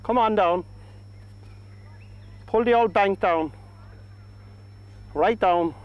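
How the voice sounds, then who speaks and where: Irish painting teacher, man, high-pitched, soft coaxing delivery, outdoors. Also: extremely slow, no echo, dull audio. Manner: gentle, coaxing, talks to the paint. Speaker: painting instructor. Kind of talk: painting demonstration. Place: outdoors by a lake.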